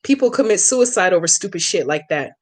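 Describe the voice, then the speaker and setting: A woman with a slightly low voice talks casually on a live stream, answering viewers' comments one by one. She is blunt and outspoken, swears freely, and speaks to her audience by name. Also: lively intonation, brisk.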